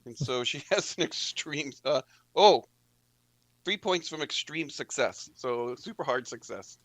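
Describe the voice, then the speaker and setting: A man's voice: medium pitch, expressive, unhurried, fairly bright tone, no room sound. A man playing a tabletop game, describing his character's actions in an eager, rambling way. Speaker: player.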